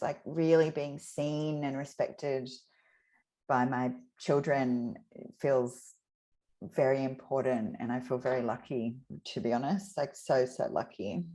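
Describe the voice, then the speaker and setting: A woman, reflecting candidly in an interview, often pausing and restarting her sentences. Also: rumbling low, fairly even intonation, a little mellow. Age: 30s. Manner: reflective, halting, with many restarts.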